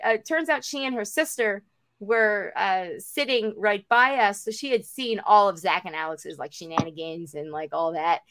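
A young woman co-hosting a podcast, telling a long story in casual chat, full of "like" and acting out everyone's lines with big jumps in pitch. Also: moderate pace. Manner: animated, acts out quotes with big pitch jumps; peppered with "like" and casual swearing. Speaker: podcast co-host.

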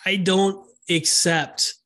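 A man co-hosting a faith podcast, talking in an earnest, emphatic, animated way. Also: sits high, slow pace. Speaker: podcast co-host. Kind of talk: casual faith discussion.

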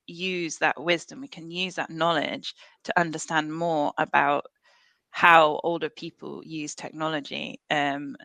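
A woman's voice: deep voice, gravelly, sharp tone, dry recording. A woman researcher talking as a podcast guest, earnest and thoughtful, with frequent fillers and restarts. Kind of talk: podcast interview.

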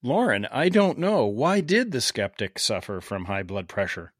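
A man's voice: medium pitch, big pitch swings, moderate pace, no room sound. An upbeat man hosts a casual medical podcast, joking with his guests. His voice sits in the middle range and sounds close and dry, with no room sound. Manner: upbeat, jokey. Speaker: podcast host.

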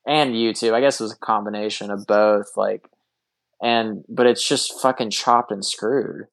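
A man chatting casually on a podcast, animated and profane, often laughing as he talks. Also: fairly low pitch, a little slow, vocal fry, no room sound. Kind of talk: casual chat.

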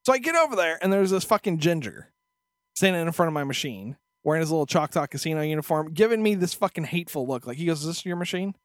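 Podcast guy griping about his day, cussing a lot, talks fast, dead dry room. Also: fairly high pitch, sing-song, dry recording. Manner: profane, exasperated storytelling. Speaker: podcast co-host. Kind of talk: casual ranting chat.

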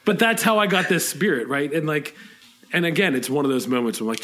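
A man who makes spirits, chatting casually on a podcast and telling animated stories with plenty of swearing. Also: fairly high pitch, brisk. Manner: animated storyteller, swears freely. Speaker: spirits producer and podcast co-host.

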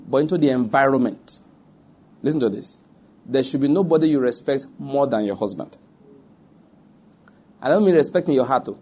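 Nigerian man, middle-aged, preaching, emphatic, husky, mellow tone, repeats himself for stress. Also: mid-range voice. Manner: emphatic, repeats points, addresses audience directly. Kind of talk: sermon.

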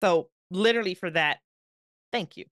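A woman guest on a podcast, telling a story in an animated, emphatic way with playful asides. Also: on the low side, moderate pace, no echo, clean studio sound.

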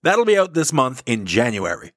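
A male podcast host reading a scripted update in his best radio voice. His pitch bounces all over the place, he stretches his emphasis words out, and the sound is dry and close. The delivery is eager and performed, never flat. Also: dry recording. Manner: put-on radio announcer voice; lively, drawn-out emphasis on key words.

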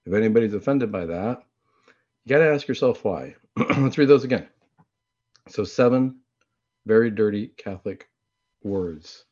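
A man hosting a Catholic talk show, chatting in a casual, conversational way and often clearing his throat. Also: on the low side, lively intonation, moderate pace, long pauses, a little mellow. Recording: dull lo-fi recording.

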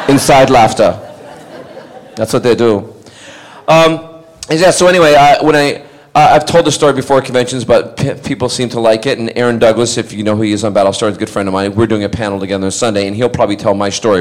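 A middle-aged man born in Scotland telling a convention anecdote, animated and acting out the other people's voices, laughing often. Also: on the low side, quick pace. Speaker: actor telling convention stories. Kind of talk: casual convention panel anecdote.

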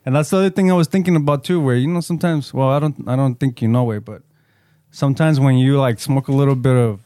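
A young man in casual podcast chat, his mid-pitched voice recorded close and dry with no room around it. He rambles, swears often and slips Spanish slang into his English. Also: fast, dark tone, dry recording.

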